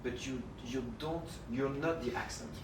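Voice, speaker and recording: A man's voice: mid-range voice, moderate pace, very noisy. A man coaching a flute student in a masterclass, encouraging and singing out rhythms. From France. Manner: encouraging, sings and tongues rhythms aloud. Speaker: flute teacher giving a masterclass. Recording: roomy, from far off, music behind.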